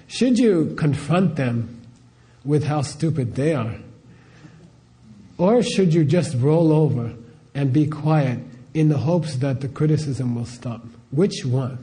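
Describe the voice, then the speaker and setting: Middle-aged male teacher, slightly high mellow voice, casual conversational delivery, peppers his talk with rhetorical questions. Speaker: spiritual teacher.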